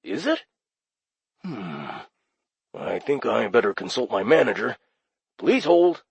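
A man voicing a friendly male demon phone operator with a raspy voice and chummy customer-service patter, in an audiobook. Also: mid-range voice, very animated, takes it slowly, full character voice. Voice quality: raspy, gravelly. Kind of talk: audiobook character voice.

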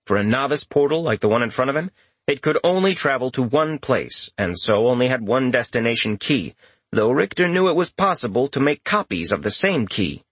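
Husky-voiced male audiobook narrator. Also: mid-range voice, fairly quick, no room sound. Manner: expressive, animated narration with character voices. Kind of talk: scripted narration.

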